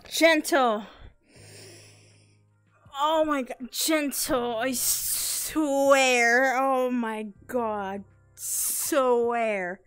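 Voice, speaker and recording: A woman live-streaming in casual chat, bubbly and excitable, easily startled into loud yelps and laughs, playfully repeating catchphrases. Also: high voice, very slow, clear, resonant tone, faint music behind.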